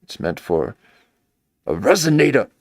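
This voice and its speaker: A man's voice: medium pitch, big pitch swings, measured pace, no room sound, studio quality. A man giving rambling, mocking live-stream commentary into a desk microphone. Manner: mocking, meandering, full of restarts.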